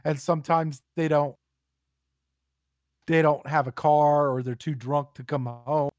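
A man telling profane, animated stories in a casual podcast chat. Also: fairly high pitch, measured pace, no echo.

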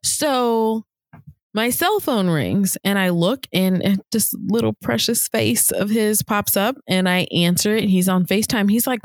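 Lively woman telling a story. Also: moderate pace, no room sound, clean studio sound. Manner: animated, acts out quoted people in higher voices. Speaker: podcast co-host. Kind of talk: casual storytelling chat.

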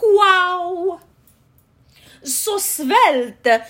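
A woman's voice: very high-pitched, lively intonation, drawn-out words, a bit bright. Heated, swearing woman ranting. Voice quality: profane, heated, sarcastic. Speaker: commentator. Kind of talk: angry political rant to camera.

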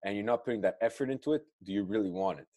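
A man's voice: fairly low pitch, racing, dark tone. A man in casual podcast chat, earnestly telling a weight-loss story and giving motivational advice.

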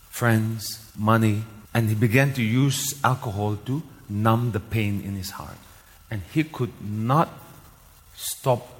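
A man's voice: mid-range voice, breathy edge. A man from Northeast India preaching a sermon as a pastor, emphatic, repeating key lines with rising force. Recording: long hall reverb.

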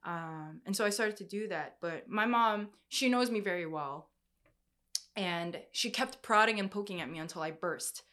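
A young woman speaks softly to her audience while telling a personal story. She talks haltingly and emotionally, often restarting her sentences. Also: mid-range voice. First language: Korean heritage, speaks some Korean.

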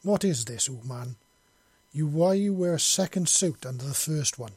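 A man voicing a fierce, commanding alien warrior woman who speaks in a stern, domineering and halting way. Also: on the high side, animated, darkish tone, breathy edge, no room sound. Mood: menacing.

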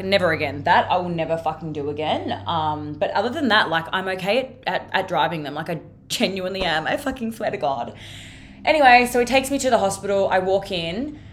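A woman's voice: fairly low pitch, expressive, normal speed, fairly bright tone, a little hiss or hum. A young woman hosting her own podcast, telling a story in a chatty, casual way, swearing freely and using lots of fillers. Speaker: podcast host.

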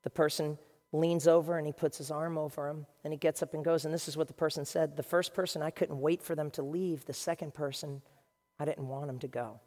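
A male pastor preaching to his congregation in a lively, conversational way, with quick asides to the room. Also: fairly high pitch. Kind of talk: sermon. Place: large church hall with a congregation. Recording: long reverb of a large hall.

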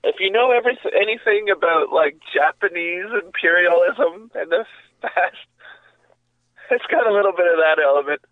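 A man co-hosting a podcast in casual chat, bringing up news items in a relaxed way with fillers. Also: high voice, moderate pace, no echo. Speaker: podcast co-host. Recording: tinny phone-like line.

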